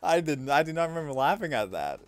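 A young man casually commenting on his gameplay while streaming, chatty and self-mocking, laughing at himself and swinging between mumbles and loud outbursts. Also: fairly high pitch, big pitch swings, normal speed.

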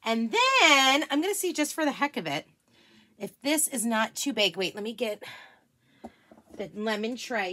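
Excitable craft vlogger lady, high voice, bouncy and all over the place. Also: measured pace, long pauses, slight background noise. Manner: gushing and excitable. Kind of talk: casual crafting vlog chat.

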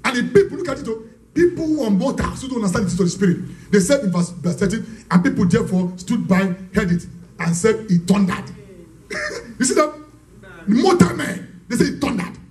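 A man preaching a fervent sermon as pastor, shouting declarations and praying in tongues. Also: sits high, very animated, brisk, low-quality recording.

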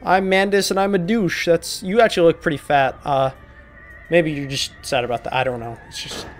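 A man's voice: on the high side, steady tone, a little fast, soft background music. A man hosting a horror game playthrough, talking to the characters with joking, profane, mock-apologetic banter. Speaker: gaming video host. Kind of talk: horror game let's play commentary.

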